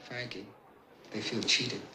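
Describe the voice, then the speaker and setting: An actor playing a young mob boss who speaks quietly, measured and controlled. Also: male voice, mid-range voice, steady tone, some chatter behind, slight background noise. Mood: cold. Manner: quiet, measured, soft-spoken. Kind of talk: film drama acting.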